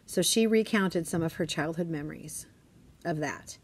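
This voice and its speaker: A woman in her forties, a teacher, chatting casually in a classroom vlog and often dropping to a hushed whisper. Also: deep voice, moderate pace, breathy edge.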